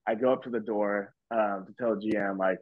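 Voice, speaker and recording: A man in his twenties with a voice on the low side talks at normal speed in a steady tone. Guesting on a podcast, he tells a loose, rambling story crammed with "like" and "whatever." Recording quality: dull, lo-fi and dry.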